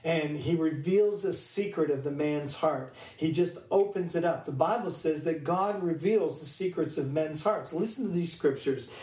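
A man's voice: a little high, normal speed, few pauses, darkish tone, echoey room, distant mic. A man preaching a sermon, reading scripture and telling a personal story in an earnest manner.

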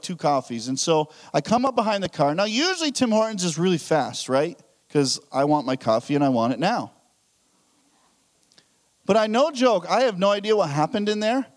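A pastor preaching a sermon, telling a story and acting out his own thoughts. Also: high voice. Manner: animated storytelling with acted-out inner thoughts.

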